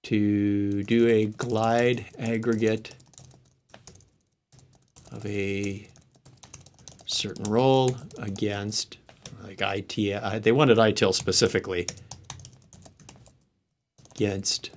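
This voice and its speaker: A man's voice: lowish voice, steady tone, slow, pauses often, slight background noise. Man thinking aloud during a tech stream. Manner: thinks aloud while typing, muttering asides. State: hiccups. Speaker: live stream host. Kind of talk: casual screen-share tech walkthrough.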